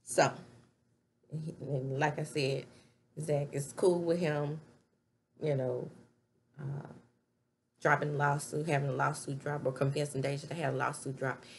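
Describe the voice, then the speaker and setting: A woman recapping a TV show in casual, animated chat from a home webcam setup. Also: sits low, a little slow, pauses often, a little hiss or hum. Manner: chatty, animated, laughs while retelling scenes. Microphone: webcam setup with ring light.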